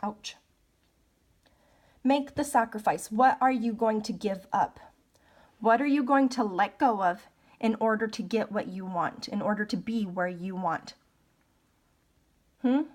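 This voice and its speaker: A woman's voice: medium pitch, measured pace, long pauses, darkish tone. A woman giving a casual card reading, talking straight to the listener in a chatty, coaching way full of rhetorical questions. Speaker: tarot card reader.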